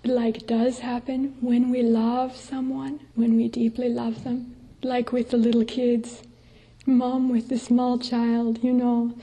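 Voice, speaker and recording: Slow, gentle woman giving a dharma talk. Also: on the high side, level tone. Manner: gentle and unhurried, dropping to soft breathy asides. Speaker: Buddhist nun teacher. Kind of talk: dharma talk to a meditation group. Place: meditation group gathering.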